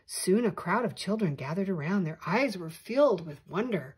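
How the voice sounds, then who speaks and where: An older woman, a grandmother, reading a picture book aloud with animated delivery and small slips. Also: deep voice, normal speed, hardly any pauses, breathy edge. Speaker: storyteller grandmother.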